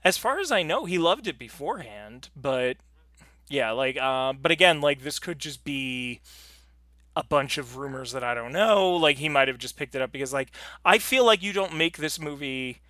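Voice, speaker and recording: Bright, lively man chatting casually. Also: on the high side, normal speed, no room sound, studio quality. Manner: animated, rambling, laughs often. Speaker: podcast co-host. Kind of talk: casual chat.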